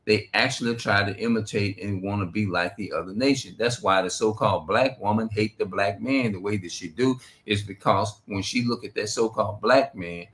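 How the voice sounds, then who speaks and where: A man's voice: lowish voice, moderate pace, hardly any pauses, fairly bright tone. A man giving a rambling, profane religious monologue on a stream, reading scripture aloud between his remarks. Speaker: street preacher.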